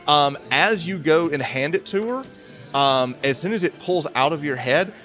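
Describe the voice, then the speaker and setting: Casual game master narrating. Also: male voice, a little high, animated, unhurried, a bit bright, soft background music. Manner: casual, rambling with fillers and restarts.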